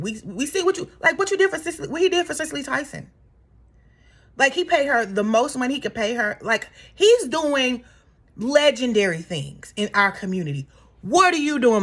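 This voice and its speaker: A woman's voice: mid-range voice, fairly bright tone. A woman in her thirties giving a sassy, exasperated opinion rant straight to her viewers. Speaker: commentary vlogger.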